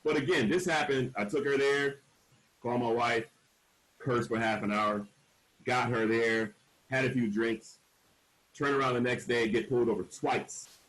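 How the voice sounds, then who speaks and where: A man's voice: medium pitch, a little slow, long pauses, fairly bright tone, poor audio. A man in his forties telling a personal story on a discussion panel, frank and emphatic, acting out the voices of people he quotes. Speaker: panel speaker.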